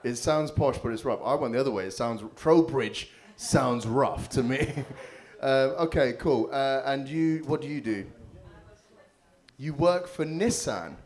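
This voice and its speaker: With a mid-range, slightly mellow voice and a slightly slow delivery, a man works the crowd during a live stand-up show. Speaking into a handheld stage mic at a comedy venue with an audience, he hosts and ribs people with crude, cheeky jokes.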